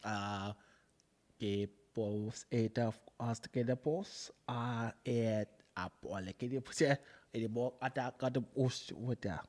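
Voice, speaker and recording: A man's voice: mid-range voice, steady tone, drawn-out words, vocal fry, few pauses, bright, forceful tone, breathy edge, voice pushed down, full character voice. A man putting on a hesitant speaker who mumbles broken fake Spanish full of fillers. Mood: mumbling. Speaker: podcast co-host.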